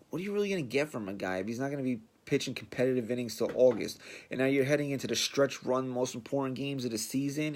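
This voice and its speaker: A man hosting a podcast, giving a blunt, sarcastic sports rant and mocking the people he talks about. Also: mid-range voice. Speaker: podcast host.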